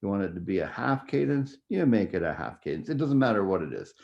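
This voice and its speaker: A man with a deep, mellow voice explains music theory concepts to his students in an easygoing lecture. He keeps checking that they follow along. The recording sounds muffled and lo-fi. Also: sing-song, quick pace, vocal fry. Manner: explanatory, conversational, frequent "right?" and "okay?" checks.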